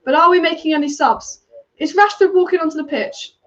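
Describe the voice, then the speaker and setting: Lo-fi sound carries a high, slightly bright female voice as she hosts a live football watch-along. The fan channel host is chatty and opinionated, reacting rapid-fire to the match and reading viewer comments.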